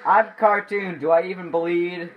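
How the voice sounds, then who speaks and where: A man's voice: sits high, fairly even intonation, a little slow, lo-fi sound. A man hosting a gameplay video, commenting casually in a goofy, joking, self-mocking way. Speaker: gaming channel host.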